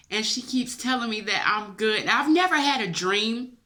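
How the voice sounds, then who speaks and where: A woman's voice: fairly high pitch, expressive, moderate pace, pushed and bright. A woman vlogger, emotional and chatty, tells viewers a personal dream story, teary-eyed and calling them y'all.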